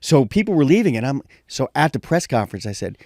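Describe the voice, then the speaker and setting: A middle-aged man tells stories on a podcast, and his pitch rises and falls a lot. He acts out other people's lines in high voices. The room sounds dry and close. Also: fast talker, no echo. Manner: animated storyteller, acts out quotes in high voices. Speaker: guest, MMA media veteran. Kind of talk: casual storytelling podcast chat.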